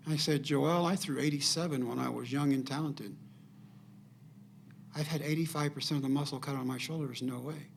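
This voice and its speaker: Gravelly older man telling a story. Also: medium pitch, a little fast. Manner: animated storyteller acting out quoted dialogue. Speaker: podcast guest. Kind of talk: personal storytelling.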